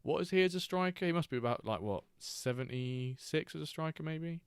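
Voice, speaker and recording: A man's voice: on the high side, animated, a little fast, clean tone, no room sound, studio quality. A man hosting a live stream, chatting casually and joking as he reacts to chat and the games.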